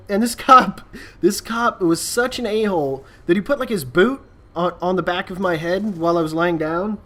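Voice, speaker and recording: A man chatting through a story time over gameplay, rambling and relaxed. He talks in a slightly higher male voice, full of asides and filler words. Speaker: gaming YouTuber.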